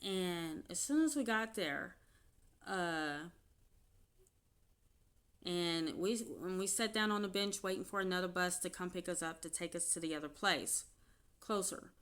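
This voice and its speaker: A woman vlogger telling her own story off the cuff, candid and halting, turning animated as she retells events. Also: fairly low pitch, clear, resonant tone. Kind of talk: unscripted personal storytelling.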